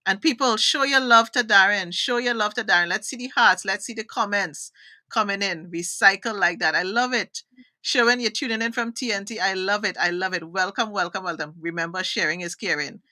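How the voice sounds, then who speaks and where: Bright-voiced Trinidadian woman host. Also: medium pitch, fairly quick, no echo. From Trinidad and Tobago. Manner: enthusiastic, animated. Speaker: talk show host. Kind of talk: live online interview.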